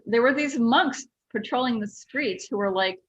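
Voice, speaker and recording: A woman cartoonist and author telling stories as an interview guest, animated and chatty. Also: on the high side, normal speed, breathy edge. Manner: animated storyteller, lots of "like". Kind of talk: casual interview chat.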